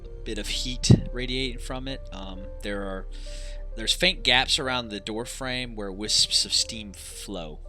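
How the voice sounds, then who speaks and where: A man's voice: lowish voice, measured pace, pushed and bright, faint music behind. A man acting as game master, narrating a tabletop game in a laid-back way and laughing easily.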